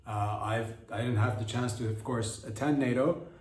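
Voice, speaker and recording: A man's voice: medium pitch, steady tone, moderate pace, a little mellow, recorded from a distance. Guy doing a crude rambling comedy podcast bit, sounds a bit off mic in a roomy space. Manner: rambling and crude, with mock-innocent asides. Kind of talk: improvised comedic monologue.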